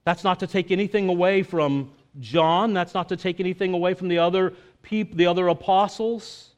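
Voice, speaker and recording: A man's voice: high voice, fairly even intonation, moderate pace, clean tone, highs cut off. A male preacher giving a sermon in a casual, conversational way, with jokes and filler words.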